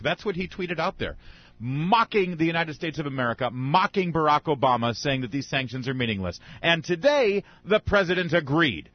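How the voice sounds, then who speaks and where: A man's voice: fairly high pitch, lively intonation, normal speed, dry recording. A man hosting political talk radio, delivering sarcastic, mocking commentary with frequent asides. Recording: dull radio broadcast sound.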